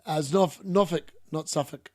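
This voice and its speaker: A man's voice: a little high, moderate pace, no echo, clean studio sound. A young man streaming a live football watchalong, chatting casually, laughing and reading out chat. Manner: casual, chatty, laughs often, uses "mate".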